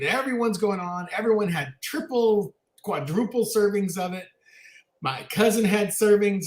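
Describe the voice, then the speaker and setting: A man co-hosting a casual chat show, telling family stories in an animated way and laughing often. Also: high-pitched, moderate pace, reverberant. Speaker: co-host.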